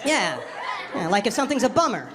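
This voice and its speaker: A woman doing a stand-up comedy set on a club stage, wry and animated, jumping into squealy voices for the people she quotes. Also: fairly high pitch, fairly quick. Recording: live club recording with crowd laughter. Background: audience laughing.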